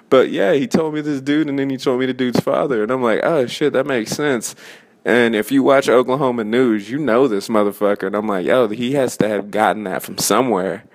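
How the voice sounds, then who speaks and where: A man's voice: medium pitch, moderate pace. A man in his twenties, an open-mic comedian, ranting casually in a profane, rambling way and restarting his sentences often. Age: 20s. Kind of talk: casual rant.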